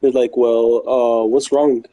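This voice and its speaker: A man's voice: medium pitch, level tone, takes it slowly, mellow, low-quality recording. A man streaming live who tells a long personal story in a rambling, slangy way, quoting what others said and repeating himself.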